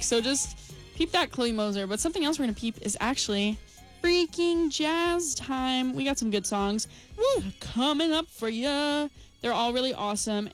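Bubbly woman radio DJ, bit high. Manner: bubbly, playful, rambling. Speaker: college radio DJ co-host. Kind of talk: casual on-air radio chat. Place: radio studio.

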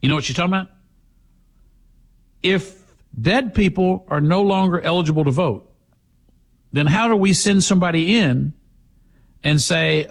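A man's voice: high-pitched, moderate pace, creaky, long pauses. A man hosting a talk show, giving sarcastic, emphatic opinion commentary.

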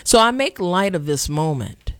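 Woman host, animated and sarcastic, slightly low voice, dry booth sound. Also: normal speed, dry recording. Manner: animated, sarcastic, playful asides. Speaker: podcast host. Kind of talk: casual political commentary.

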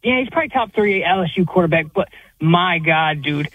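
A male caller with a high, husky voice gives heated, exasperated takes on football. His voice comes over a dry, tinny phone line. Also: lively intonation, a little fast. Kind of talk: call-in sports talk.

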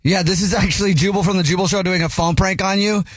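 Husky high-voiced male radio host. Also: fairly even intonation, fast, no echo. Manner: upbeat, direct, announcer-like. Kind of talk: morning radio show.

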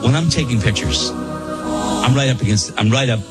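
A man's voice: medium pitch, normal speed, loud music behind the voice, poor audio. A man casually telling a story to friends on a podcast, rambling and restarting his sentences. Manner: rambling, self-interrupting, repeats words while telling.

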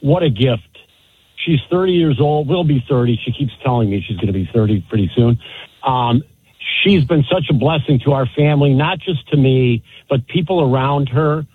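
A man calling in to a radio show, speaking heartfelt and steady about his family. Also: medium pitch, moderate pace, slightly rough, no echo. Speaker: caller. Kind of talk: phone-in call. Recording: phone line.

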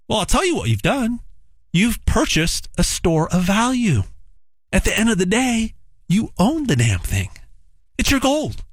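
Emphatic male pitchman, lively swooping delivery, dry close sound. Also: a little slow, no room sound. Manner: emphatic, repetitive, stammering restarts. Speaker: gold sales pitchman. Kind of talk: direct-to-camera sales pitch.

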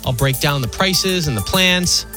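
A man in his forties hosts a talk radio show, delivering an animated, conversational monologue packed with rhetorical questions. His pitch is fairly high and his pace a little slow, with soft music playing in the background.

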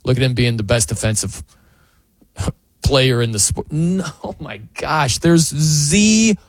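Male sports talk host, emphatic incredulous rant, lively swooping pitch, a bit husky, dry close sound. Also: a little slow, dry recording. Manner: laughs between points. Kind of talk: opinionated sports commentary.

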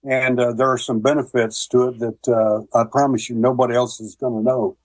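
Husky rambling male storyteller. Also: medium pitch, level tone, moderate pace, dry recording, rough recording. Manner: rambling storyteller, many fillers and restarts. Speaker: guest, paranormal investigator. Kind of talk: casual radio interview.

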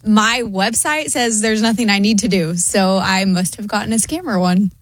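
A woman's voice: medium pitch, moderate pace, slight background noise. A woman on a casual talk show, earnestly recounting her own experience. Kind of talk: casual chat.

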